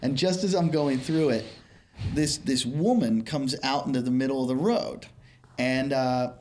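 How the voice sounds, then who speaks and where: A man's voice: mid-range voice, a little slow, a little mellow. A comedian from Pittsburgh with an ordinary male voice in the middle range tells a story in casual podcast chat. He rambles and restarts his sentences and laughs at his own tale as he goes. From Pittsburgh, USA.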